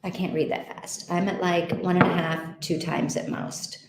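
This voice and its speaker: A woman's voice: lowish voice, little pitch movement, normal speed, reverberant, heavy background noise. A woman hosting an online reading group, chatting casually and thinking aloud with many fillers. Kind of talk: casual livestream chat.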